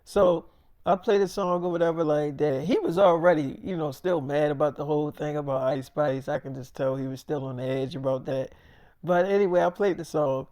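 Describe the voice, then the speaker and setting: Man, high register, profane rambling storyteller, freestyle monologue. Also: fairly even intonation, brisk, darkish tone. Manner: profane, rambling, repeats himself.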